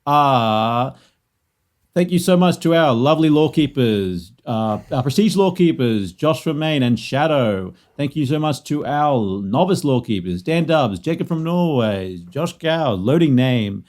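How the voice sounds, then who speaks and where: A man's voice: mid-range voice, lively intonation, unhurried, darkish tone. A man co-hosting a podcast in casual chat, laughing often and reading out thanks and the sign-off. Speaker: podcast co-host.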